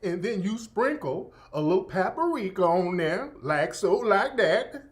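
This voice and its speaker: A man voicing a sweet, folksy woman home cook who talks in a slow, sing-song drawl. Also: high-pitched, very animated. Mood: syrupy.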